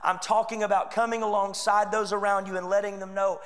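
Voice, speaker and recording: A Texan man preaching in a church sanctuary, his voice sitting fairly high as he talks earnestly and conversationally to the congregation. He acts out little quoted lines along the way. The room's long reverb trails behind every phrase. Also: level tone, brisk, few pauses, fairly bright tone. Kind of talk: sermon.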